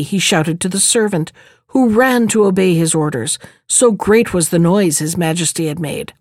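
A woman reading a fairy tale aloud in a measured, expressive storybook narration. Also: on the low side, no room sound, clean studio sound.

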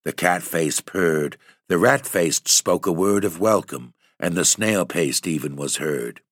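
A man's voice: low voice, fairly bright tone, no room sound, clean studio sound. A man hosting and reading a long poem aloud in an ominous, theatrical way. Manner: ominous, drawn-out theatrical delivery. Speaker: narrator and host.

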